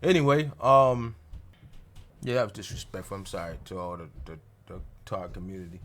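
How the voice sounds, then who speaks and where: A man's voice: low-pitched, steady tone, moderate pace, a bit bright. A man, rambling in a profane, slangy way as a streamer reacting to a video. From Maryland near Washington DC. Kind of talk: casual reaction commentary.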